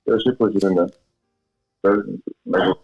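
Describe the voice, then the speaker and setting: A man calling in as a dog-training guest, talking in a laid-back, halting, plainspoken way. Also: sits low, steady tone, no room sound, soft background music. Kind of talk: casual podcast chat. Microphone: phone call. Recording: dull, dry phone line.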